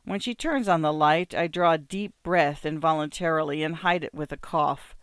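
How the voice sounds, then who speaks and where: A narrator giving a measured, descriptive first-person reading of a literary story. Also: mid-range voice, fairly bright tone, no room sound, clean studio sound. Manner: measured, descriptive, smooth delivery.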